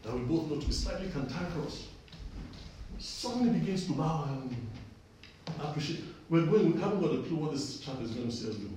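A man's voice: on the high side, animated, fairly quick, dark tone, a little hiss or hum. A man preaches a conversational sermon and drives his points home by repeating key phrases. He is picked up from a distance in a very echoey hall, with faint room ambience underneath. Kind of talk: sermon with personal story.

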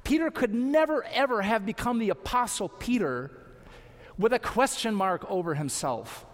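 A man's voice: sits high, lively intonation, moderate pace. A man pastor giving an earnest sermon, pressing his point with rhetorical questions. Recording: long hall reverb.

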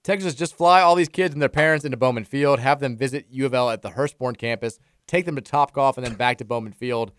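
Fast-talking radio co-host man. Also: medium pitch, a bit bright, smooth. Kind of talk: casual radio chat.

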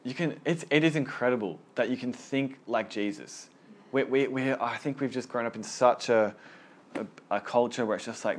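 A man's voice: medium pitch, normal speed. A man leading a small Bible study group, teaching casually and earnestly, often repeating words as he gets going.

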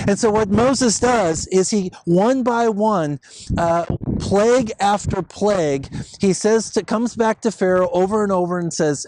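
A man's voice: sits high, animated, a little slow, darkish tone, no room sound, poor audio. A male pastor retelling a story in a casual, conversational sermon, with fillers and asides.

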